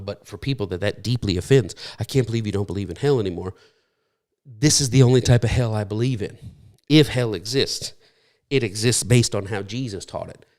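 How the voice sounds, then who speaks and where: A man's voice: fairly low pitch, a little mellow. A middle-aged man preaching a sermon in a conversational, storytelling way with frequent restarts. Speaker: pastor.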